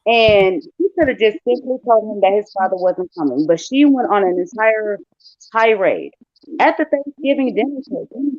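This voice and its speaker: A woman telling a personal story on a podcast, frank and measured, with fillers. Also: on the high side, darkish tone, dry recording, highs cut off. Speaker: podcast co-host.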